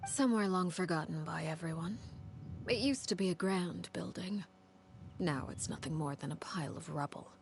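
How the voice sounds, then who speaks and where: A cold calculating matriarch. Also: female voice, fairly low pitch, vocal fry. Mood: solemn. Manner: calm, measured and commanding. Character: cold, calculating older woman leader. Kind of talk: game voice acting. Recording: game audio with music.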